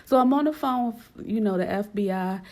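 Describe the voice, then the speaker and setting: A woman telling a personal story casually and with animation, acting out quoted lines in a higher voice. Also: normal speed, mellow.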